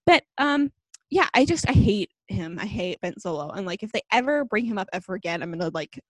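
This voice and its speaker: Animated and brisk, this young podcast co-host delivers a heated, casual rant loaded with "like." She has a mid-range voice, and the audio is rough with no echo.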